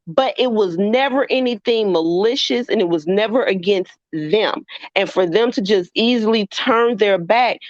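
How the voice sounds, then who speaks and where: A woman's voice: mid-range voice, normal speed, hardly any pauses, dry recording, highs cut off. A woman co-host, blunt and teasing, swearing for emphasis in a livestream chat.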